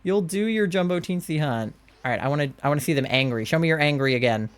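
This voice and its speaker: Young male streamer, excitable and gushing, slightly high and smooth voice, casual live commentary. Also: fast talker, hardly any pauses. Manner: gushing, excitable, coos at cute creatures.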